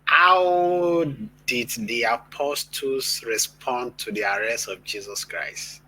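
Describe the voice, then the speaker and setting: A man hosting, explaining his view in measured commentary with fillers. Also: medium pitch, bright, forceful tone, husky, low-quality recording. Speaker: host. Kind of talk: casual commentary.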